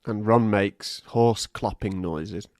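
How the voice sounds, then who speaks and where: A man's voice: on the low side, slow pace, darkish tone. A man co-hosting a casual podcast, retelling scenes with wry, mocking humour. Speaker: podcast co-host. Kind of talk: casual chat.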